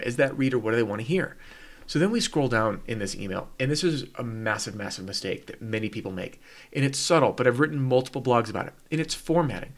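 A man's voice: mid-range voice, fairly bright tone. A man hosting a podcast and teaching with casual, emphatic talk, often asking rhetorical questions and adding "right?". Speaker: podcast host and copywriter.

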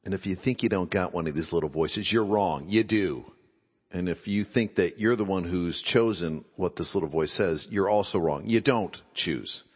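A man's voice: low-pitched, moderate pace, husky, long reverb tail. A man giving a reflective talk, musing aloud and posing rhetorical questions.

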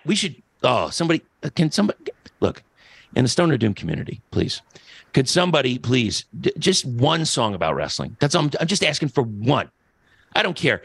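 A middle-aged man talks in a loose, rambling podcast chat, swearing freely and getting carried away with enthusiasm. His voice sits at an ordinary pitch. The sound is close and dry. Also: sing-song, brisk, gravelly, fairly bright tone, husky, no room sound. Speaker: podcast host.

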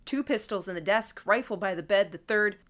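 A woman voicing a calm male church leader who raises his voice to give clear, firm orders in an audiobook. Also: mid-range voice, a little fast, lightly acted. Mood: commanding.

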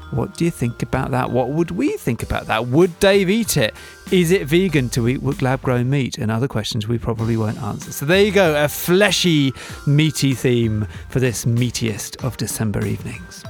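A man co-hosting a weekly podcast, chatting in a playful, bouncy way full of wordplay. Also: mid-range voice. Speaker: podcast co-host. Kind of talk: casual banter.

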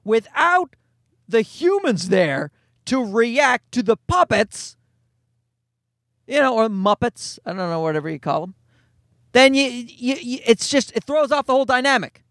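A man telling a comedic rant with a profane, exasperated, animated delivery. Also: very high-pitched, unhurried, no echo, clean studio sound. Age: adult parent.

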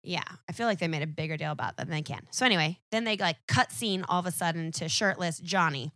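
A woman's voice: fairly low pitch, fast, fairly bright tone, dry recording, clean studio sound. A young woman guesting on a podcast, chatting casually in a rambling, laughing way full of "like". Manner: rambling, laughing, sprinkled with "like" and swearing.

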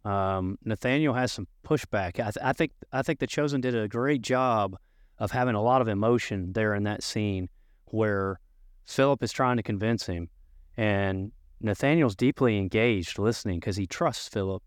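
A man's voice: lowish voice, moderate pace, smooth, dry recording, studio quality. A man from Nashville, talking thoughtfully and conversationally about a Bible scene. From Nashville, Tennessee. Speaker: discussion participant, seminary graduate. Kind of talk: casual Bible discussion.

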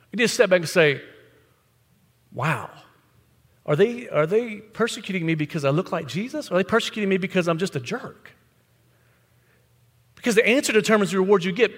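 A man with a very high-pitched, sharp voice preaches a blunt, conversational sermon to his congregation, tossing out rhetorical questions. He's a pastor in a church sanctuary, and the recording carries a long hall reverb.

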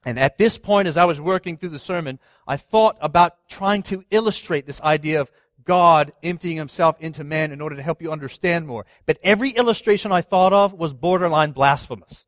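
A man in his thirties, a pastor preaching a sermon, asking the congregation questions and swinging from loud stress to hushed words. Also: on the high side, fairly quick, no echo, studio quality.

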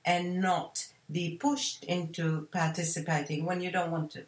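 A woman co-hosting an advice talk, measured and reassuring with examples. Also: lowish voice, little pitch movement, far from the mic. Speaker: co-host. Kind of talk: advice talk show discussion. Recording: echoey room.

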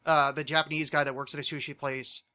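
A man with a nasal American accent, talking in a bright, slightly high voice. He rambles through casual podcast chat, full of fillers and restarts. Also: flat delivery, quick pace, smooth. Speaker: podcast co-host.

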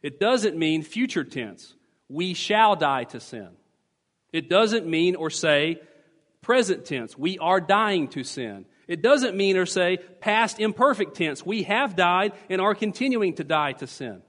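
A male pastor delivers an emphatic teaching sermon in a church sanctuary, driving points home through repeated key phrases, and the recording has long church reverb. His voice sits high and a bit bright, with lively intonation, and he speaks a little slowly.

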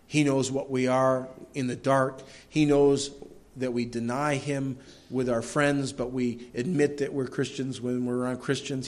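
A male pastor giving a sermon in a church, talking conversationally with frequent restarts and tag questions, and moving between quiet asides and raised, emphatic passages. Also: medium pitch.

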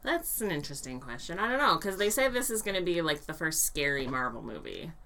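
Low-voiced lively woman chatting. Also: slight background noise. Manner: teasing, quick reactions. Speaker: podcast co-host. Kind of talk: casual chat.

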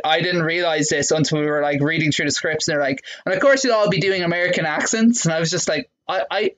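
A young woman co-hosting a podcast, chatting casually with lots of giggling and restarts. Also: sits low. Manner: giggly, rambling with many restarts. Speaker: podcast co-host. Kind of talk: casual chat.

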